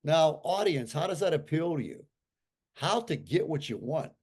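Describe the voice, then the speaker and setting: An older man in his sixties talking as an interview guest, emphatic and animated. His voice sits fairly high for a man and swoops up and down a lot, and he leans hard on repeated phrases. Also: moderate pace, slightly rough. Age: 60s. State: recovering from a stroke. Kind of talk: casual conversational talk.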